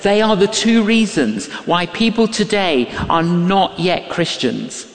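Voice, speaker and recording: An older male preacher with a high, lively voice tells his story slowly and deliberately. He leans on key phrases and repeats them for effect. His voice rolls around a large, reverberant hall. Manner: emphatic, repeats key phrases, acts out quotes. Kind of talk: sermon with storytelling. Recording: echoey hall with long reverb.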